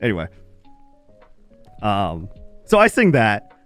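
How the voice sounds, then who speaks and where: A young streamer speaks slowly in a smooth, fairly low voice as he tells his chat a casual story. He's animated, laughs often, and swears freely, with faint music in the background.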